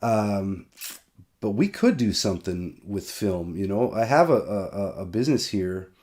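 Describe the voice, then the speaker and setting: A man's voice: fairly low pitch, sing-song, unhurried, a little mellow. A man hosting a podcast, telling loose, rambling stories in casual conversation and laughing often. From United States. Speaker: podcast host.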